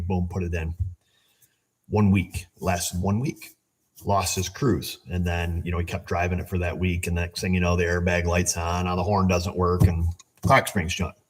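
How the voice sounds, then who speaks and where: A man who runs an auto repair shop tells a story in a casual, animated, exasperated way and swears as he rants. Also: lowish voice. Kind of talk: casual shop vlog rant.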